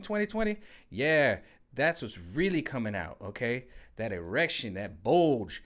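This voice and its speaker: A man's voice: mid-range voice, fairly bright tone. A man venting in a casual, rambling monologue full of slang and repeated catchphrases, recorded at home on a hot day. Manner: rambling, slangy, repeats "you know what I'm saying". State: sweating in the heat. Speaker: vlogger. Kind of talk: casual political rant.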